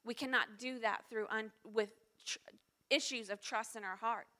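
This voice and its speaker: A middle-aged woman pastor preaching a sermon in an earnest, confessional way, dropping to hushed tones at times. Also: on the high side, steady tone, moderate pace.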